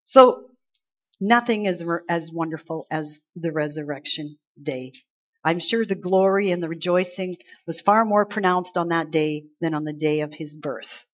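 A woman preaching a conversational Easter sermon, acting out quoted lines with lively emphasis. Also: on the low side, normal speed. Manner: conversational, animated, acts out angels' lines. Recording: slightly dull lo-fi sound.

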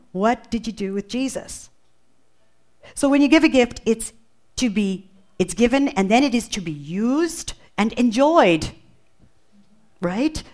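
A woman with a medium-pitched voice preaches an emphatic, expressive sermon, filling it with rhetorical questions to the congregation.

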